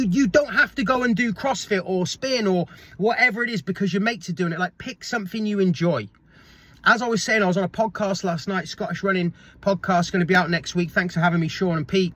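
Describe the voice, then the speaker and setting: Coach guy in his 30s ranting chatty about fitness, a bit high voiced, swears here and there. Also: a bit bright, dry recording. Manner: chatty and blunt, swears casually, acts out quoted people. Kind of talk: casual motivational talk to camera.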